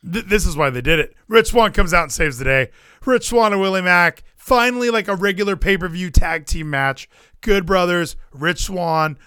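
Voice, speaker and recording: An excitable man rambles through a casual podcast chat, swearing freely and correcting himself as he goes. His voice is bright and forceful and sits a little higher than usual. The sound is dry and close. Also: no echo. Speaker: podcast co-host.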